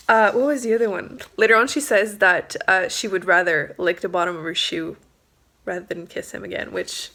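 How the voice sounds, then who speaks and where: A woman's voice: medium pitch, fairly even intonation, moderate pace, sharp tone. A young woman book vlogger chatting casually, giggly and full of fillers. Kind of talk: casual reading vlog chat.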